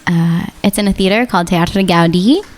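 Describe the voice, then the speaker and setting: Playful woman guest on a comedy show. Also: fairly low pitch. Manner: playful, flirty, quick to laugh. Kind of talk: casual comedy radio chat. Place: radio studio.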